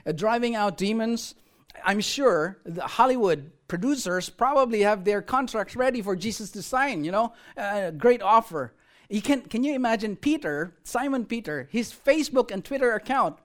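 A preacher giving a lively sermon, often throwing questions out to the listeners. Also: medium pitch. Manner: animated, asks the audience questions.

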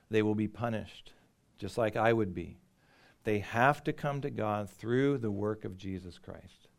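A middle-aged American man preaching, mixing a personal story with lively, conversational emphasis and occasional laughs. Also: mid-range voice. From United States.

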